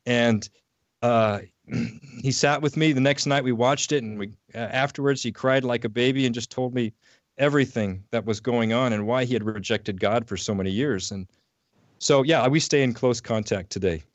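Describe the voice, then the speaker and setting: A man's voice: medium pitch, moderate pace, no echo, lo-fi sound. A man, a teacher and podcast guest, telling a personal anecdote with hesitant fillers. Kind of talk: storytelling on a phone call.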